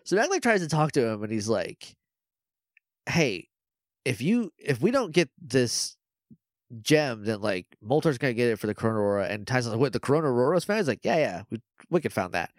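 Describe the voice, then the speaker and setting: A man co-hosting a podcast, casually retelling a TV episode in an animated way, peppered with "like" and quick impressions. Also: mid-range voice, no room sound, studio quality. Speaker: podcast co-host. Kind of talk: casual episode recap chat.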